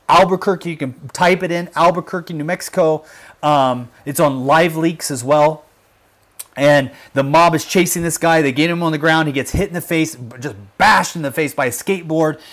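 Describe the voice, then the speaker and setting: A man hosts a livestream in a fairly high-pitched voice, speaking with fervent conviction. He presses his points hard and then lowers his voice to a hushed intensity when the subject turns grave. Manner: emphatic, drops to hushed intensity on serious points. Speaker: livestream host. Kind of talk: impassioned livestream commentary.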